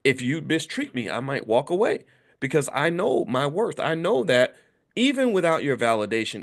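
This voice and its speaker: Animated man, repeating as he talks. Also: creaky. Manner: animated, acts out quoted voices with sudden high pitch jumps; repeats words as he restarts. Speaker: host. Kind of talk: talk to camera.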